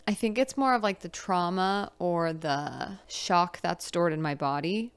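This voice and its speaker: A woman's voice: fairly low pitch, unhurried, clear, resonant tone. A young adult woman hosting her own podcast, talking candidly in a rambling, confessional brain-dump with frequent restarts. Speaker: podcast host. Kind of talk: candid solo podcast monologue.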